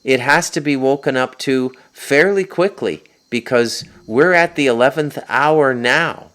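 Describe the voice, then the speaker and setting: A man's voice: medium pitch, a little slow, fairly bright tone. A man delivering a spoken monologue as host, insistent and peppering his points with a questioning "okay?". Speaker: host and author.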